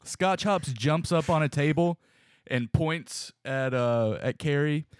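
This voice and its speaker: A man's voice: fairly high pitch, slow, clear, resonant tone, no room sound, studio quality. A man playing a tabletop game, narrating his character's moves with laughter. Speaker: player.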